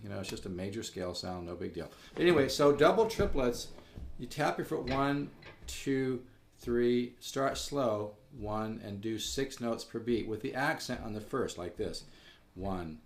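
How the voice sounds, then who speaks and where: A man giving a casual guitar lesson, who rambles, repeats words and sings out rhythms as he explains. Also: mid-range voice. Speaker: guitar teacher. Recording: guitar music playing behind.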